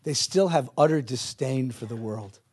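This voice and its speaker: A man teaching a Jewish text class to a live audience, animated, asking the room questions and mixing in Hebrew and Yiddish words. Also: mid-range voice, normal speed, slightly rough.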